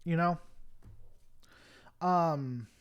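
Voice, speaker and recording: A young Tennessee man with a Southern accent hosts a casual livestream, answering viewers in a fairly high, clear, resonant voice, speaking very slowly on lo-fi audio. He rambles with many fillers and restarts, first heated and then apologetic.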